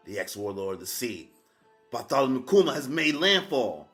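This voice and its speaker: A man's voice: mid-range voice, big pitch swings, moderate pace, fairly bright tone. A man voicing a soldier delivering an urgent report as he reads a comic aloud, over faint background music. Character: male soldier reporting an emergency.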